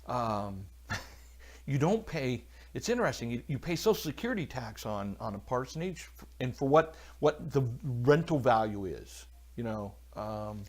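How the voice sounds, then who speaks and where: Pastor, male, alone in church on a livestream, relaxed rambling delivery, chats with viewers between points. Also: mid-range voice. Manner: rambling, chatty, answers viewers by name. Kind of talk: casual livestream Bible talk reading chat.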